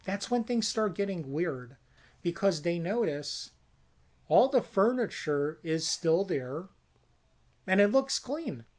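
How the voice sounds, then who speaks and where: A storyteller casually pitching a horror movie, narrating in a folksy, conversational way. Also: animated, takes it slowly, a little mellow.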